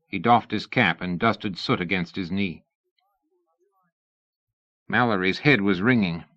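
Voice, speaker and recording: A man giving steady scripted audiobook narration in a dull lo-fi recording. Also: low-pitched, measured pace, long pauses, no echo.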